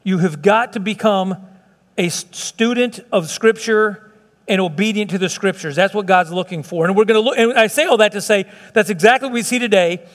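A man's voice: high voice, a little fast, big-room sound. A man giving a sermon as pastor, preaching in a fervent, conversational way with repeated phrases and restarts. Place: church sanctuary.

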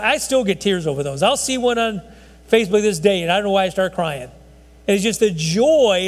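A man's voice: high voice, a little mellow. A man preaching a conversational sermon in a folksy, rambling way, often restarting his sentences. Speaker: pastor. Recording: long hall reverb.

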